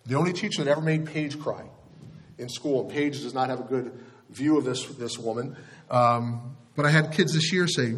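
Casting: older male pastor, earnest conversational sermon, mid-pitched voice. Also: normal speed, fairly bright tone. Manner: earnest, conversational preaching with restarts. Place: church.

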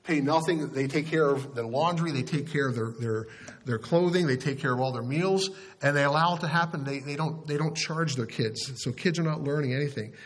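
A man's voice: fairly high pitch, a little fast. A male pastor giving a sermon in a conversational storytelling way, often restarting his sentences.

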